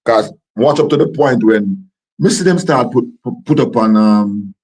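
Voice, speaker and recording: A man's voice: medium pitch, moderate pace, darkish tone, low-quality recording. A man with a Jamaican accent hosting a casual call-in livestream, talking in repeated, stumbling starts. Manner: repetitive, stammering, laughs often. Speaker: livestream host.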